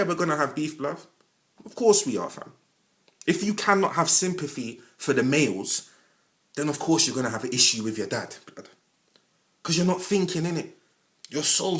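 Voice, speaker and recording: Here a male podcast host with a London accent launches into an impassioned monologue, talking right to the listener. Lots of London slang fills his animated speech, which shifts between loud outbursts and hushed asides.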